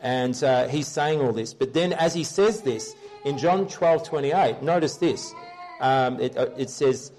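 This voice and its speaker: A man's voice: mid-range voice, measured pace, darkish tone, soft background music. A man preaching a conversational Bible-teaching sermon, earnestly explaining scripture and checking in with his listeners.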